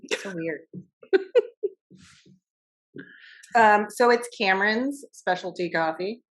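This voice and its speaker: A woman's voice: mid-range voice, slow. A young woman co-hosting a podcast in casual chat, chatty with frequent laughs and fillers. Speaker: podcast co-host.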